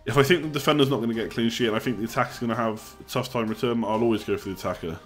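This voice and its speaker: A man's voice: mid-range voice, very fast, soft background music. A young man hosting a live stream, chatting casually, joking and reading out the chat. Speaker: livestream host.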